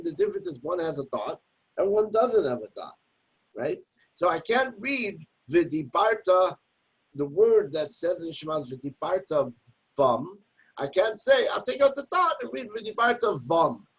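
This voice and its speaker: A man's voice: fairly high pitch, breathy edge, low-quality recording. A man teaching a daily text study lesson, reading Hebrew passages and then explaining them plainly in English, sounding out pronunciation examples. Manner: demonstrates pronunciation aloud with examples. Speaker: Torah teacher.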